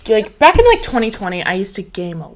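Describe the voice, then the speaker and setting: A woman's voice: medium pitch, wildly swooping pitch, quick pace. A young woman from Texas hosting a casual podcast chat, telling rambling stories and laughing often. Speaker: podcast host.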